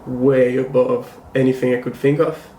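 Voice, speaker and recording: A man hosting a casual review vlog, talking to camera in a measured, thoughtful and critical way. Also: mid-range voice, flat delivery, dark tone, a little hiss or hum. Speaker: comic book collector and channel host. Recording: roomy echo, faint ambience.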